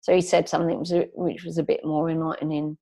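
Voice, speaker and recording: A woman working as a coach, a guest in an interview, telling a client story in a lively way and acting out the dialogue. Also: low-pitched, fast talker, creaky. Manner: earnest, emotional when recalling. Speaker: transformational coach.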